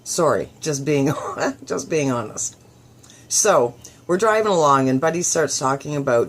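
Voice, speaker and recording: A woman's voice: low voice, lively intonation, a little slow. A middle-aged woman hosting a motivational radio show, chatty and upbeat, acting out the thoughts she quotes. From southwestern Ontario, Canada.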